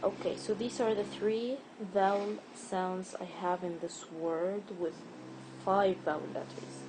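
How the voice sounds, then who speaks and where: A woman gives a spelling and pronunciation lesson at an unhurried pace, repeating each word and drawing out its stressed syllable. Her voice sits in a middle range. A clear noisy hiss runs behind her. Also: medium pitch, fairly even intonation. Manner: patient, repeats words slowly, stretches stressed syllables. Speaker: teacher.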